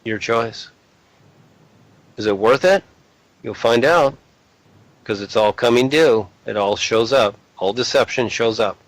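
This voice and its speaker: Blunt gravelly man lecturing. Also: mid-range voice, a little slow, pauses often, dry recording, low-quality recording. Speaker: spiritual speaker. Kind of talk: casual spiritual talk.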